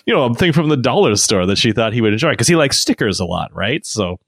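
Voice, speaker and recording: Male co-host, 30s, animated storyteller, very lively pitch, dry close sound. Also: fast talker, slightly rough, dry recording. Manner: animated storyteller, acts out voices. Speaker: podcast co-host. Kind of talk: casual chat.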